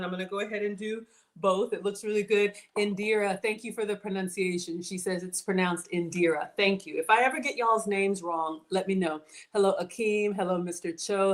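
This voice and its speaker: A woman hosting a casual cooking livestream from her home kitchen, chatting and answering viewer comments as she works. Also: medium pitch. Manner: chatty, reads viewer comments aloud, folksy.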